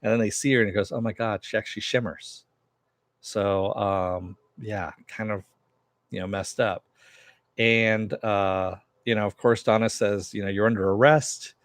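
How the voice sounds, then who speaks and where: Casual male reviewer with a slightly low voice, loose rambling delivery, dry close sound. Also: steady tone, moderate pace, dry recording. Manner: loose and rambling, many fillers, mild swearing. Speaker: TV episode reviewer. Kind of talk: casual recap with paraphrased quotes.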